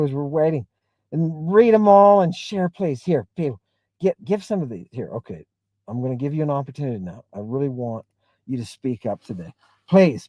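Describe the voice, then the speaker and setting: Speaking in a fairly high voice with a darkish tone and no echo, a man hosts a livestream. He talks emphatically and ramblingly, reading viewer comments from chat and answering them, and keeps asking "right?".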